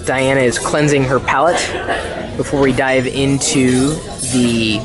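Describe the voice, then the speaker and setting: A man's voice: mid-range voice, fairly even intonation, a little slow, over loud music. A man hosting a casual vlog, joking with his partner and describing the food at a restaurant. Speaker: vlog host. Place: restaurant and parking garage.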